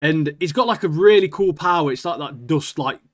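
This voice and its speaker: A man's voice: on the high side, lively intonation, fairly quick. A man co-hosting a podcast, chatting casually and laughing often. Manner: laughing, slangy, says "mate" a lot. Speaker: podcast co-host. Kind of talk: casual chat.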